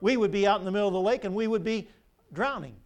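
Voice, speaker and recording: An older man, a pastor, preaching a sermon with animated storytelling and rhetorical questions. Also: sits high, quick pace.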